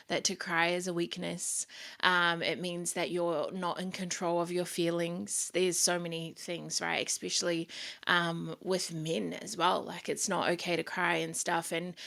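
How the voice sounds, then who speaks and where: A woman's voice: fairly low pitch, creaky, sharp tone. A young woman hosting her own podcast, talking casually, candidly and from the heart, with plenty of swearing. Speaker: podcast host. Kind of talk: casual solo podcast monologue.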